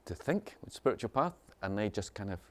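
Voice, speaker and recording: A man teaching meditation in a casual, rambling way, repeating phrases, chuckling often and mimicking people in sudden high voices. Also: sing-song, brisk. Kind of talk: informal spiritual talk.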